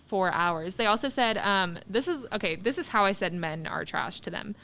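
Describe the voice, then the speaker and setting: A woman's voice: mid-range voice, lively intonation, moderate pace, pushed and bright. A woman in her twenties, a podcast co-host, chatting casually and acting out kids' voices as she tells a story. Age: 20s.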